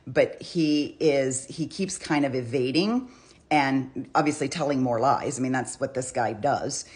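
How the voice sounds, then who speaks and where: A woman talking casually about a criminal case, chatty and quick to restart her sentences. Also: extremely low pitch, a little mellow. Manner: chatty, restarts often, reads out quotes with feeling. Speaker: true crime commentator. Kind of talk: casual true crime commentary.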